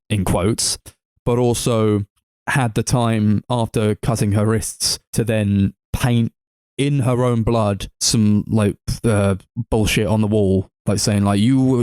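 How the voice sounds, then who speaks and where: A man's voice: fairly low pitch, steady tone, slow pace, a little mellow, no room sound, clean studio sound. A man co-hosting a casual movie review podcast, sarcastic and mocking, swearing freely. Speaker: podcast co-host.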